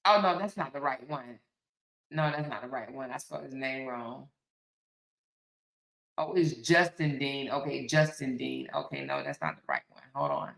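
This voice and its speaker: A woman's voice: very deep voice, moderate pace, gravelly. Chatty woman in an echoey room. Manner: animated, dramatic exclamations and laughter. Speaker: commentary livestream host. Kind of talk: casual chat to viewers.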